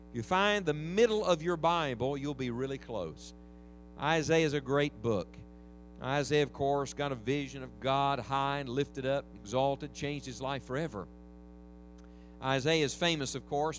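A man preaching a revival sermon to a church congregation, with emphatic rises and humorous asides. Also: medium pitch. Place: church sanctuary.

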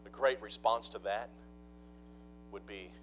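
A man preaching a sermon, dropping to hushed mock-gossip asides and then rising into loud, emphatic preaching. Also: on the low side, measured pace, slight background noise, poor audio. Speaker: pastor.

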